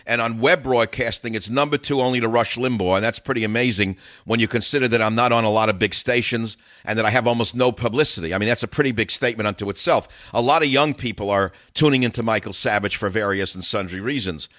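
A man's voice: fairly low pitch, quick pace, few pauses, fairly bright tone, no echo, muffled recording. An older man hosting a call-in radio talk show, speaking emphatically and preachily, repeating phrases for effect. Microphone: studio broadcast mic.

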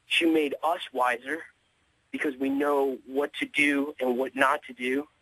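A man calling in to a talk radio show, speaking in a hesitant, halting way. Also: medium pitch, fairly even intonation, bright, forceful tone, breathy edge, no room sound, poor audio. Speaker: caller.

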